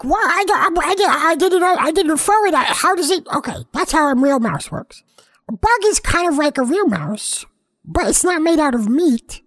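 Woman playing a rambling high-voiced house cat. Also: husky, full character voice. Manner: meandering, self-interrupting, playfully earnest. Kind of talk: comic monologue.

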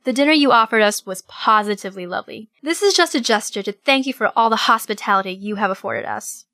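A woman's voice: medium pitch, lively intonation, quick pace, no echo, studio quality. A woman playing a gracious, teasing young heroine. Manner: polite, gently teasing.

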